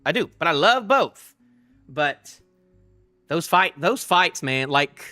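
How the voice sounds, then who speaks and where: A young man streaming live, ranting excitedly and casually about a manga, rambling with stumbling restarts and the odd swear. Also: on the high side, slow pace, pauses often, soft background music. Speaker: streamer reacting to a manga chapter. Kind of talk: live reaction rant, casual.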